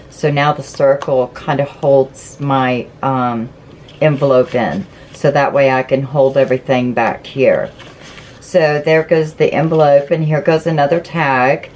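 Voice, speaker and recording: A woman's voice: deep voice, fairly even intonation, unhurried, a little mellow, a little hiss or hum, poor audio. A woman hosting a casual craft flip-through, chatty and gushing as she explains each step. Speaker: craft channel host.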